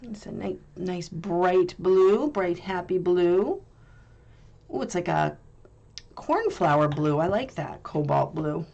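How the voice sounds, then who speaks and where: Slow, gravelly-voiced woman swatching paints. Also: on the low side, animated, darkish tone, dull audio. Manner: chatty, muses aloud while painting. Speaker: art channel host. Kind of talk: casual paint swatching review.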